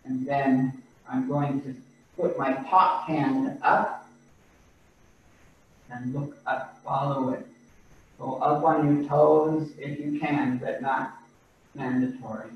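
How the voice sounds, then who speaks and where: A man teaching a qigong class over a video call, giving slow, calm breathing and movement cues. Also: mid-range voice. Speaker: qigong instructor. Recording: roomy, distant, dull video-call audio.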